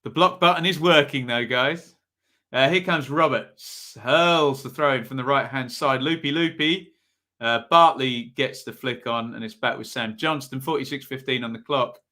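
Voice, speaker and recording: Sharp in tone, this man's mid-range voice moves at a normal speed. He has an East Anglian accent and runs a live football watch-along, chatting through the match and reacting to comments from viewers.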